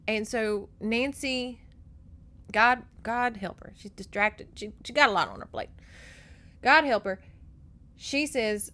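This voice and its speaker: A fairly high-voiced woman hosting a podcast, recapping a novel with animated, gossipy energy. She swears freely and jumps into bits of the characters' dialogue as she tells it. Her delivery is casual and conversational. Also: slow, long pauses. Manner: animated, profane, gossipy storytelling. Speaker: podcast host.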